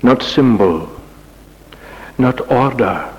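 A man preaching a sermon in a church, with dramatic rising questions and sudden quiet passages. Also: mid-range voice, expressive, very slow, in a large hall, muffled recording.

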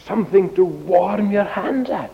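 A man preaching a children's sermon, telling a story in an animated, sing-song way. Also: high voice, a little slow, creaky, long reverb tail, lo-fi sound. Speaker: preacher giving a children's talk.

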